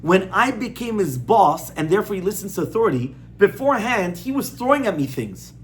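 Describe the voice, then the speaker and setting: Rabbi teaching a small group; plain conversational delivery, repeats himself for emphasis, faint room noise. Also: male voice, high voice, very animated, a little fast. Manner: conversational, repeats points, asks audience rhetorical questions. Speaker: rabbi giving a class. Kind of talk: informal Torah class on parenting.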